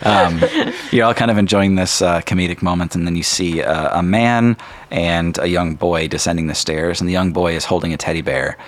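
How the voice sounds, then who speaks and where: A man narrating a tabletop game as game master, relaxed and easygoing. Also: low-pitched, moderate pace.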